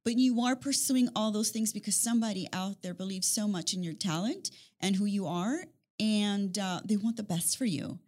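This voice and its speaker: A woman's voice: mid-range voice, moderate pace, few pauses, darkish tone. A woman in casual conversation, talking in long rambling runs with repeated words and frequent laughter. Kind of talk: casual chat.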